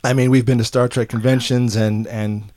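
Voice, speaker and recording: A man's voice: mid-range voice, level tone, moderate pace, warm tone, no room sound, clean studio sound. A man hosting a podcast, talking casually and enthusiastically with a friend, often restarting his sentences. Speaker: podcast host. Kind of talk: casual chat.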